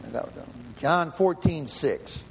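A man's voice: on the high side, animated, takes it slowly, gravelly, a little hiss or hum. A man preaching a sermon and reading scripture aloud, emphatic and questioning, often repeating himself. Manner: emphatic, repeats and rephrases, asks the room questions. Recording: hall reverb, faint ambience.

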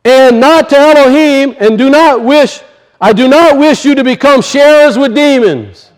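A male pastor preaching a conversational sermon, acting out little voices and dropping low for asides. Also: a little slow.

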